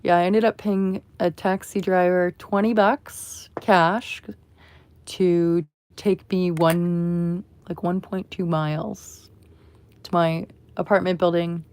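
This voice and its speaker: A woman's voice: fairly low pitch, steady tone, takes it slowly, darkish tone, smooth, no echo. A woman hosting a casual livestream from home, telling a rambling story full of asides. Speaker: livestream host.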